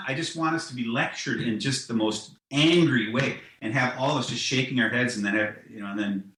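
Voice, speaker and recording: A man's voice: medium pitch, fairly quick, hardly any pauses, sharp tone, roomy sound, a little hiss or hum, low-quality recording. A man talking in a casual podcast conversation, rambling with many restarts and "you know"s, and laughing at his own ideas. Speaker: guest, comic writer.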